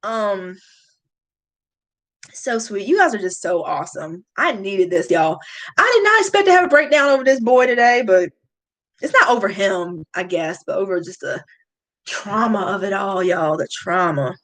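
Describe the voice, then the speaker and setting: A woman's voice: mid-range voice, lively intonation, normal speed, a bit bright, low-quality recording. A woman, chatting casually and confiding in viewers on a live stream. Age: late 20s. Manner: emotional, confiding, talks straight to chat. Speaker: YouTube beauty vlogger.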